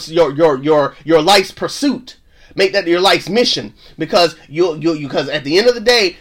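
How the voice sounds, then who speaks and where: Man preacher, casual and emphatic, a little high-pitched, loops back on his words. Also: fairly bright tone. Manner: emphatic, repetitive, colloquial, with restarts. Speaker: podcast host and preacher.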